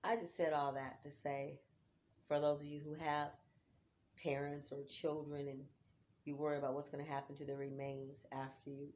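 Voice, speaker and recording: A middle-aged woman talking at home about grief, heartfelt, dropping to near-whispers and rising to loud urging. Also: deep voice, a little hiss or hum. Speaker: vlogger. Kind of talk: emotional vlog talk. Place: home, on a couch.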